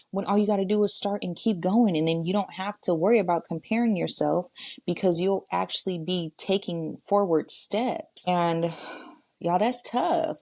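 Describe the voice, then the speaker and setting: A woman's voice: lowish voice, darkish tone, no echo. A woman hosting a podcast, talking casually and directly to her listeners in a solo monologue. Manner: chatty, talks straight to listeners. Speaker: podcast host.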